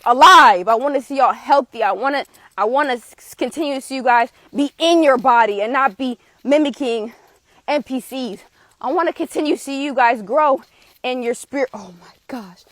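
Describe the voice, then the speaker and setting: A woman, a tarot reader giving a passionate, forceful live spiritual reading with blunt swearing. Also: a little high, brisk, dry recording. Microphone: streaming setup.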